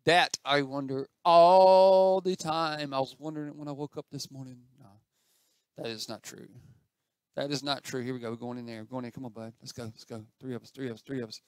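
A man's voice: medium pitch, steady tone, brisk, clean tone, no echo, studio quality. A man giving chatty, self-mocking commentary as he plays an online game, talking to the other players on screen. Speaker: gaming channel host. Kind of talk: casual gameplay commentary.

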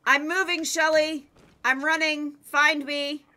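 A woman streaming a game live, chatting playfully with viewers and teammates, excitable and given to yelling. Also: high voice, takes it slowly. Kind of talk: casual live-stream chat while playing.

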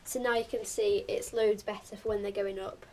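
A woman's voice: medium pitch, level tone, normal speed, a little mellow. A young woman chatting casually in a pet vlog, cooing now and then at her animals. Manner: chatty, coos at her pets. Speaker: vlogger.

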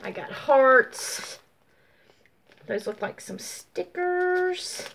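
A woman chatting casually as she shows off craft mail, gushing and drawn-out, sleepy and yawning. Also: sits high, sing-song, gravelly, background noise. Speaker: craft vlogger. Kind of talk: casual show-and-tell chat.

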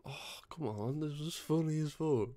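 A man's voice: on the high side, normal speed, dark tone, no echo. A British man streaming a game, bantering and swearing freely in voice chat. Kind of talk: gaming voice chat.

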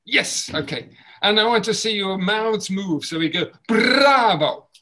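A man leading a group voice exercise session over a video call, encouraging and demonstrating sounds with loud bursts. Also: high-pitched, moderate pace, rough recording. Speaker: voice and movement workshop leader.

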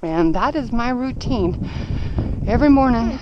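Slow-talking, out-of-breath woman on a farm. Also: medium pitch, highs cut off. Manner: coos in a baby voice to animals. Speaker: vlogger doing farm chores. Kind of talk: casual vlog narration. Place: outdoors on a muddy farm with horses. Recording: clear background noise outdoors.

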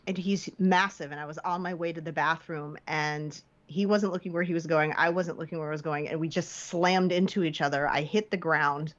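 A woman guest on a casual podcast, telling an animated story and acting out the quotes. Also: fairly quick, few pauses. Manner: animated storyteller, acts out quotes with high pitch jumps. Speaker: guest filmmaker. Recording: slightly dull lo-fi podcast audio.

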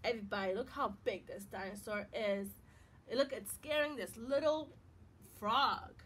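A woman teaching young children in an online circle-time lesson, talking in a sing-song, encouraging way and spelling words out slowly. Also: on the high side, a bit bright, slightly rough. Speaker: preschool teacher.

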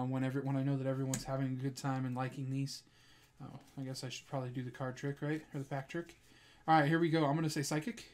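Excitable man opening card packs at home. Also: a little hiss or hum. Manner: excitable, breaks into high-pitched shouts over good pulls; keeps addressing viewers as "guys". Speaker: card-pack opening channel host. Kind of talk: casual pack-opening vlog. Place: at home with a dog in the room.

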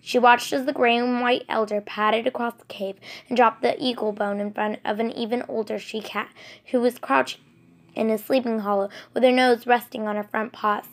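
A woman narrating a storybook in a measured, expressive reading. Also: on the high side.

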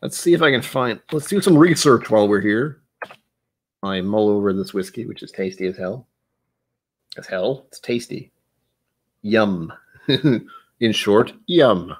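A young man with a low, slightly husky voice, chatting loosely through a whiskey tasting on his stream. His pitch swings widely as he reacts, rambling, making playful noises and drifting into humming. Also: lively intonation, measured pace, long pauses. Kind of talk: casual live-stream tasting chat.

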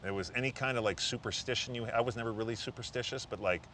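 A middle-aged man, a retired hockey player as an interview guest, telling relaxed, self-deprecating stories with lots of fillers. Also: medium pitch, fast, a little hiss or hum. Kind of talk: casual interview storytelling.

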